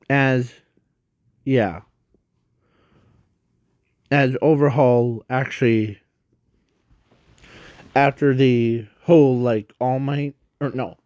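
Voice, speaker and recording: Man, improvised fan story, rambling and halting, keeps correcting himself, extremely slow delivery, dry close sound. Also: medium pitch, a little mellow, dry recording.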